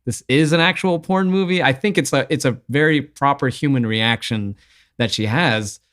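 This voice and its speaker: A man's voice: mid-range voice, moderate pace, fairly bright tone, clean tone. A man hosting a podcast in casual film chat, agreeable and earnest as he explains a scene. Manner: agreeable, constant backchannel, earnest when explaining. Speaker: podcast host.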